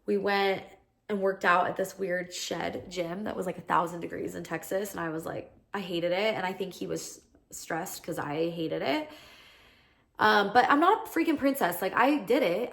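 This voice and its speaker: A woman's voice: on the low side, normal speed, gravelly, a bit bright. A woman in her thirties hosting a podcast, telling a story in a casual, chatty monologue full of "like". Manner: chatty, peppered with "like", acts out quoted lines. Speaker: podcast host.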